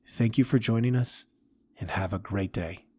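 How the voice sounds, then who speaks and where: Man, podcast host, storytelling, earnest, halting, husky, low-pitched. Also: dark tone. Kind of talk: storytelling talk.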